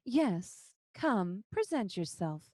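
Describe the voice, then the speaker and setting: A woman's voice: mid-range voice, big pitch swings, takes it slowly, dark tone, no room sound, studio quality. A woman voicing a silky, coaxing female plant witch in a tabletop game.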